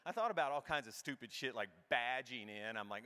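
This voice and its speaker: Middle-aged male keynote speaker, comedic storyteller, bright and punchy, big hall echo. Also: mid-range voice, brisk. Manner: animated and irreverent, acts out his own thoughts. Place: large conference hall. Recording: long hall reverb.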